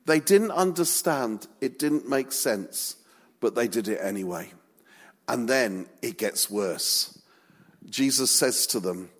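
A man preaching a sermon, telling a story with humor and lively delivery. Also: medium pitch, slow. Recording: long reverb of a large hall.

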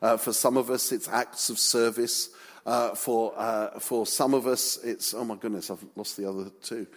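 A man's voice: lowish voice, steady tone, normal speed. A man preaching a sermon in a chatty, humorous way with light asides.

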